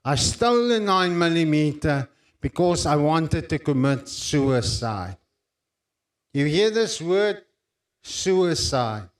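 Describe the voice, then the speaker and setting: A man with a South African accent preaching a sermon and telling his own testimony, speaking slowly and intensely with emphatic pauses. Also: a little high.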